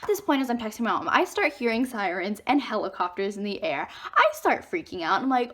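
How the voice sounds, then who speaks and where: A woman's voice: a little high, a little fast. A teenage girl telling a dramatic school story in a chatty storytime vlog, acting out what others said. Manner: chatty, animated retelling with acted-out quotes. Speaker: vlogger.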